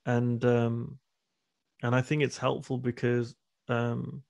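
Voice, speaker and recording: A man's voice: medium pitch, monotone, takes it slowly, vocal fry, a little mellow. A man in his thirties talking candidly as a guest on a video call, often restarting his words. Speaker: guest speaker and men's retreat coach. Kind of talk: casual conversation on a video call.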